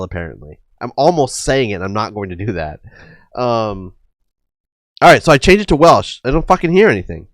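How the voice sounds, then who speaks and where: A man's voice: fairly low pitch, a bit bright, dry recording, clean studio sound. A man from the United States hosting a livestream, talking casually in a rambling way with many fillers and swearing. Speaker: livestream host. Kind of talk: casual stream chat.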